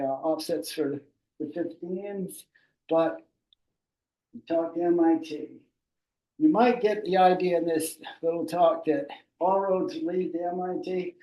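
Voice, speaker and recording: An older man talks his way through a slide presentation on boat building in a slow, rambling, conversational way, full of fillers and restarts. His voice is mellow and a little high. He sounds far from the mic in an echoey room.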